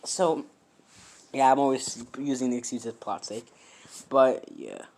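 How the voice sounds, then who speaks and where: A man's voice: mid-range voice, unhurried, a little mellow. A man improvising a fan story aloud, rambling with fillers and correcting himself as he goes.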